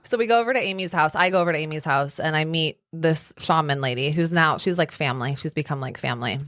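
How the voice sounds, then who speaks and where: A woman in her thirties, a podcast guest telling a story in a casual, animated way with lots of fillers. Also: deep voice, fast, no echo, clean studio sound. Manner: animated, chatty, many fillers. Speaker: podcast guest, salon owner.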